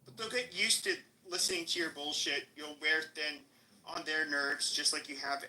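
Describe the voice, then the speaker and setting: A man's voice: a little high, steady tone, moderate pace, bright, forceful tone, slight background noise, poor audio. A man with an American accent hosting a live podcast stream, taunting and cursing at a rival in a heated rant. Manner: aggressive, taunting, profane. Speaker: podcast host.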